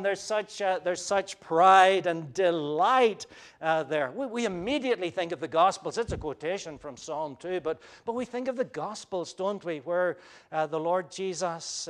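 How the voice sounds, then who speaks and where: Earnest high-voiced male preacher. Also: unhurried, clear, resonant tone. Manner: earnest preaching with frequent restarts and fillers. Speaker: pastor. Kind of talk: sermon.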